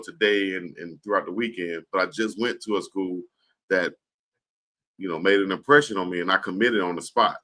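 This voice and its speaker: A deep-voiced man co-hosting a casual sports talk show. He talks in an easygoing, agreeable way, sending out shout-outs and riffing with his partner. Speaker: co-host.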